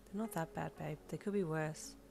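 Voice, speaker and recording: A woman voicing a quiet, teasing young female musician girlfriend in a soft, low, hushed tone, in a fan fiction audio story. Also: normal speed, vocal fry.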